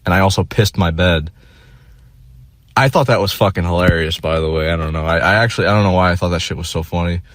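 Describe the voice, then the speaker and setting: Talking fast in a low voice, a young man vlogs a rambling, profane tale packed with fillers and restarts. The sound is clean studio quality with no room sound.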